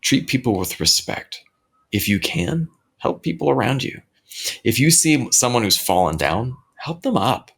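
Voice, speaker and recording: A man hosting his own podcast, talking earnestly and reflectively on his own at home, often halting and restarting his sentences. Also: mid-range voice, very animated, gravelly, fairly bright tone, slightly rough. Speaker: podcast host. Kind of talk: reflective solo talk. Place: home recording setup.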